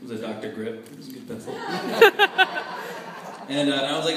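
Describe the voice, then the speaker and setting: A male stand-up comedian performs a set on a comedy club stage, his voice on the high side. He keeps a measured pace with long pauses, delivering deadpan lines with laughing asides. The club is echoey, and the audience's laughter fills the background.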